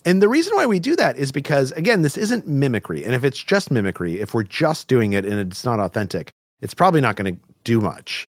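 A man from New Mexico explains how conversation works, his pitch rising and falling in lively swings. He speaks in a dry, close studio sound with no room around him. He often checks in with a quick "right?" and scatters "like" through his sentences. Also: no echo. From Albuquerque, New Mexico, US. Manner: explanatory, animated, frequent "right?" and "like". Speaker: guest expert on communication. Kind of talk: conversational interview.

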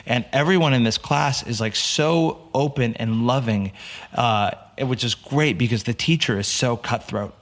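A man's voice: mid-range voice, measured pace. A young man from the United States, a podcast guest telling stories in casual chat and acting out the people he quotes. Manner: animated storyteller, acts out quotes. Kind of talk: casual storytelling interview.

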